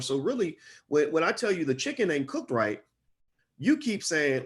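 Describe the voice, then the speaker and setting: A middle-aged man giving solo commentary, impassioned, repeating his phrases and climbing higher as he gets worked up. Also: moderate pace. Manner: impassioned, repeats phrases, rises in pitch when animated.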